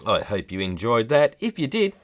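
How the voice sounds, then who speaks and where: A tired man chats casually as he co-hosts a paint pouring video, teasing his partner and laughing easily. His voice swings widely in pitch as he talks, at a middling height. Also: sing-song, moderate pace. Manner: easygoing, teasing, laughs often. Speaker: co-host of a fluid art channel. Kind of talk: casual chat while demonstrating.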